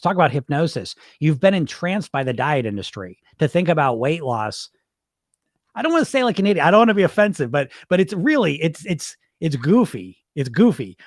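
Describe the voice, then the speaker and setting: Speaking in a fairly high pitch, a middle-aged man runs an unscripted, animated monologue on his weight-loss podcast, swearing freely, laughing a lot, and repeating himself. The recording is clean studio audio without any echo.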